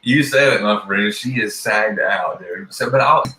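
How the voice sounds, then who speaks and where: A man chatting casually about a film on a podcast, relaxed and crude, often stopping and restarting. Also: fairly low pitch, a little slow. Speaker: podcast guest. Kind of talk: casual movie discussion. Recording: echoey room with faint hiss.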